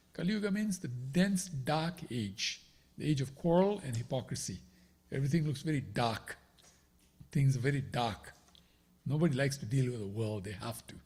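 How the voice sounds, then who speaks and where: A man leads a devotional scripture class in a slightly husky voice. His pitch sits a touch high and swings widely as he explains each line. He keeps checking in with his listeners, asking "right?". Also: darkish tone. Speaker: spiritual teacher.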